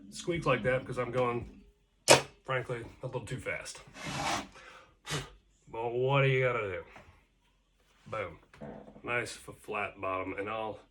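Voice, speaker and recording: A man's voice: medium pitch, fairly even intonation, measured pace, long pauses, heavy background noise. A man teaching pottery at the wheel in his studio, talking in an offhand, folksy way and tossing in playful sound words. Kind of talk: casual hands-on demonstration.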